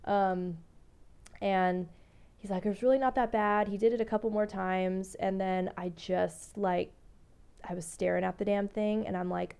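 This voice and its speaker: A woman's voice: mid-range voice, fairly even intonation, measured pace, vocal fry, dark tone, smooth. A young woman hosting a podcast, telling a personal story in a candid, rambling way and swearing freely. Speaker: podcast host. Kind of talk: casual storytelling monologue.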